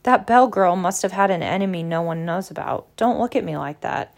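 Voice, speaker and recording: A woman's voice: mid-range voice, normal speed, vocal fry, lightly acted. A woman reading aloud as a sulky, defiant teenage boy who jeers and snaps back. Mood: defiant, angry. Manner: angry, jeering and defiant.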